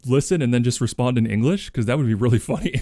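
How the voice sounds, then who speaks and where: A man's voice: medium pitch, fast talker, dark tone, dry recording, clean studio sound. A man chatting casually on a co-working livestream, laughing often and swearing freely. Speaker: streamer.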